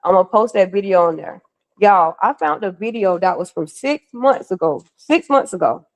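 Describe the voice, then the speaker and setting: A woman's voice: medium pitch, expressive, moderate pace. A woman co-hosting a live stream, ranting bluntly and with lots of profanity while talking to her viewers. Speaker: livestream co-host. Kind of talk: heated casual live commentary.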